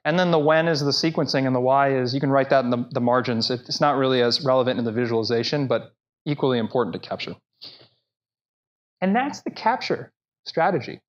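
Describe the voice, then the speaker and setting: A man's voice: medium pitch, fairly quick. A man giving a conversational conference presentation who speaks directly to the audience with plenty of energy. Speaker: speaker at a live professional talk. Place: presentation room. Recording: dull lo-fi live talk recording.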